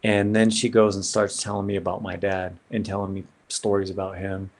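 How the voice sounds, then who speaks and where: A man's voice: low-pitched, flat delivery, brisk. A man sharing an earnest personal story as a podcast guest, in a casual way with lots of "man" and "bro".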